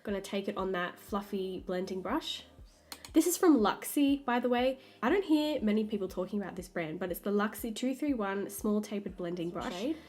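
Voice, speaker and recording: A woman's voice: mid-range voice, animated, normal speed. An Australian woman, a makeup artist, chatting through a makeup tutorial step by step as she works. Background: soft background music.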